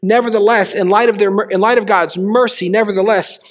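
A man's voice: high-pitched, steady tone, a little fast. A man preaching a sermon to a small church, driving his points with repeated rhetorical questions. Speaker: pastor. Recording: long reverb of a church hall.

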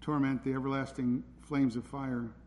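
Pressing his congregation with urgent pleas, a man preaches in a church hall at a normal pace. His voice sits in the mid-range with a flat, darkish delivery, set against hall reverb and faint ambient sound.

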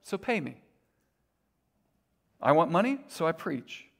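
Speaking slowly, a middle-aged male pastor delivers his sermon in an easygoing, chatty way. His pitch sits slightly above the typical male range, and he leans on casual fillers and jokes at his own expense.

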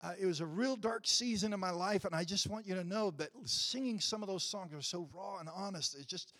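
A man doing a gushing, excited woman fan. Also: medium pitch, brisk, pitched above the performer's own voice, close to an everyday voice. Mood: thrilled. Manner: breathless, stammering with excitement.

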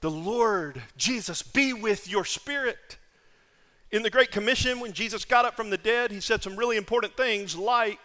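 A man's voice: high-pitched, sharp tone, long reverb tail. A man preaching a sermon as pastor, emphatic, repeating phrases for stress.

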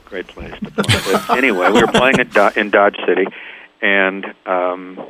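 Over a tinny phone line, an older man from Kansas who founded a band tells his story in an interview, with a crowd audible in the background. His fairly low, creaky voice moves at a moderate pace, and he's a lively storyteller who acts out the voices of the people involved.

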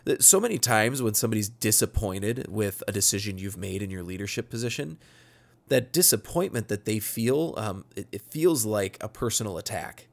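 A man with a fairly low voice talks through advice on a podcast. His delivery is earnest and practical, like a casual chat with colleagues. He sounds like he is in his thirties, speaking into a studio mic. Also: animated, moderate pace, creaky. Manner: earnest, practical, acts out short sample dialogues. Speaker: podcast co-host advising church workers. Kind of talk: casual instructional podcast talk.

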